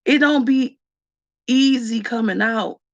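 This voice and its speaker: A woman speaking slowly and reflectively to her viewers, tearful. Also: on the high side, dry recording, dull audio. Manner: slow, reflective, addresses viewers as y'all. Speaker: vlogger. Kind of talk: emotional personal talk to viewers.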